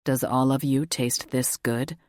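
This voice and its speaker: A woman voicing a dominant male alpha wolf shifter, murmuring in a low, slow, possessive way. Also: fairly even intonation, darkish tone, no room sound, clean studio sound.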